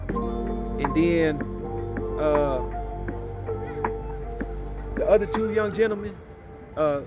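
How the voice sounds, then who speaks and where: A middle-aged man from Illinois telling a personal story in a loose, slangy vlog monologue, leaning on "you know what I'm saying". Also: sits high. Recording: loud music under the voice. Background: loud music.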